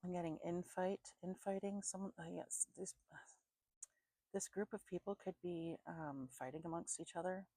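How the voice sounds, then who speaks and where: A woman doing an intuitive psychic reading at home, calmly listing names and places she picks up, thinking aloud and a bit sleepy. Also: lowish voice, moderate pace, no echo, low-quality recording. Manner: calm, repetitive, thinking aloud. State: sleepy, yawning. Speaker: psychic reader.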